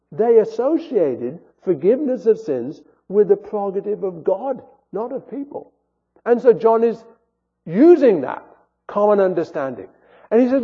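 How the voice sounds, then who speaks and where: A pastor delivers an earnest sermon, his emphasis rising and falling, in a high-sitting, husky voice with lively intonation at normal speed. The sound is tinny and phone-like, with long hall reverb.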